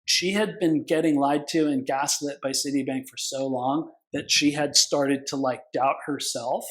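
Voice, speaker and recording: A man's voice: mid-range voice, fairly even intonation, unhurried, fairly bright tone, poor audio. A man, a consumer protection attorney, telling stories casually in an interview, acting out quoted voices and swearing now and then. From California.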